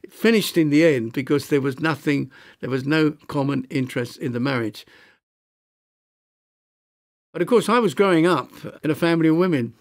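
A fairly high-pitched voice belongs to a Londoner in his nineties, a retired architect being interviewed about his past. He reflects haltingly, with many restarts and fillers.

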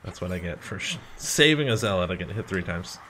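A young man hosting a gaming channel, casually commenting on gameplay and telling a story, animated and swearing with lots of fillers. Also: deep voice, a little fast, slight background noise.

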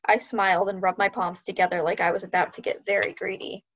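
A woman reads a children's novel aloud at a middle pitch, in a steady, clear storytelling manner. The recording is muffled and lo-fi. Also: quick pace, a little hiss or hum. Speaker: teacher reading aloud. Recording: dull lo-fi sound.

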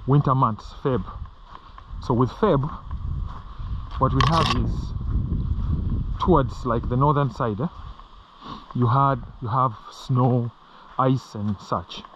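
A man's voice: medium pitch, slow, long pauses, muffled recording. Man, middle-aged, casual hiking vlog, rambling and jokey, outdoors on a trail, faint background noise. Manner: rambling, joking, frequent "eh?" tags. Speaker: vlogger on a hike. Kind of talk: casual walking vlog narration. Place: outdoors on a muddy canyon trail.

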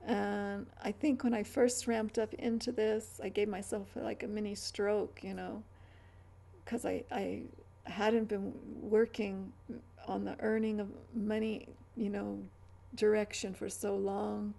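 Middle-aged female vlogger, mellow gravelly tone, meandering chatty delivery with stammers. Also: medium pitch, little pitch movement, measured pace. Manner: chatty, stammering restarts, trailing asides. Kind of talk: rambling casual chat.

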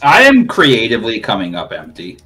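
A man's voice: on the low side, wildly swooping pitch, moderate pace, over music. A man co-hosting a casual live stream, cracking crude jokes. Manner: crude, joking. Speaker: co-host. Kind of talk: casual livestream chat.

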